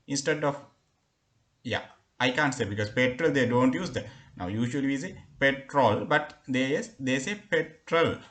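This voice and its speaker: A man's voice: medium pitch, animated, moderate pace, fairly bright tone. A man with a Sri Lankan accent teaching a spoken English lesson, explaining patiently with frequent "uh" fillers. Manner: explanatory, many hesitation fillers.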